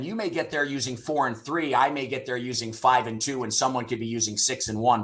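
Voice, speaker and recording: A man's voice: medium pitch, fast talker, few pauses, a bit bright. A middle-aged man, a sales leader and guest on an interview show, telling stories candidly and often ending points with "right?". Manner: candid, swears casually, frequent "right?" tags. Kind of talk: storytelling interview talk.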